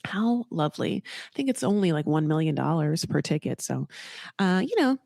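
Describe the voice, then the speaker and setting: A woman's voice: low-pitched, expressive, moderate pace, vocal fry, warm tone, no echo, clean studio sound. A woman hosting a podcast, recapping a reality show in a chatty, campy way and calling the listener honey. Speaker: podcast host. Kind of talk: casual solo recap commentary.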